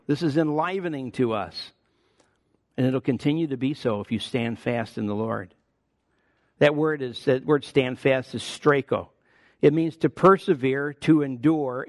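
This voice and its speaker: Here a man in his sixties preaches as a pastor, chatting through his sermon with personal side remarks. Important words get a sudden rise in pitch and volume. The audio is clean studio sound without any room tone.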